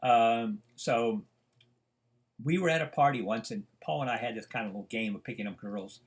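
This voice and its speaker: Older male professor, mid-pitched, rambling anecdotal lecture full of fillers. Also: moderate pace. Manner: rambling storyteller with many fillers.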